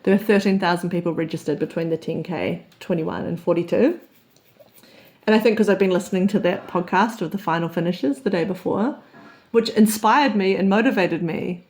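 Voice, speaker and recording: A woman speaks in a somewhat low voice. She talks openly and reflectively in a confessional vlog monologue. Her storytelling is candid and unhurried. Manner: open, confessional storytelling with soft laughs. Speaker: vlogger.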